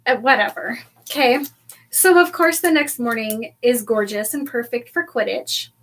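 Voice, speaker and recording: A woman co-hosting a live podcast, recapping a book chapter in casual chat, animated and laughing often as she acts out the characters. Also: a little high, normal speed. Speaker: podcast co-host.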